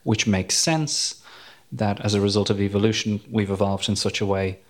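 A man's voice: on the low side, steady tone, moderate pace. An Irish man and comedian telling a wry, self-mocking story in a podcast conversation. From Ireland. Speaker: comedian guest.

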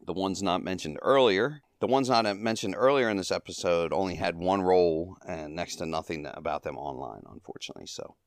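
In a dry, clean studio recording, a man with a deep voice hosts a podcast recapping and reviewing an old comedy short. He talks a little fast with few pauses, chuckling often and acting out the quoted lines as he retells the gags.

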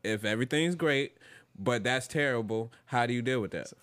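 A man's voice: mid-range voice, expressive, normal speed, a bit bright, clear, resonant tone. A young man in a casual podcast chat, speaking in laid-back slang and reasoning his points out. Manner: laid-back, slangy, talks things through.

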